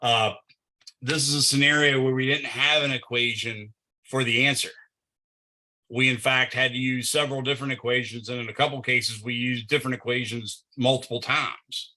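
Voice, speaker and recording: A man's voice: medium pitch, fairly even intonation, moderate pace, bright, forceful tone, rough recording. A man tutoring physics, working through a problem step by step and thinking aloud with fillers.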